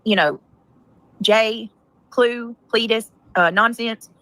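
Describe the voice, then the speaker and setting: A woman's voice: a little high, slow, a bit bright, no room sound. A woman with a Southern US accent, ranting on her livestream in a mocking, scornful tone. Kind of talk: casual stream rant.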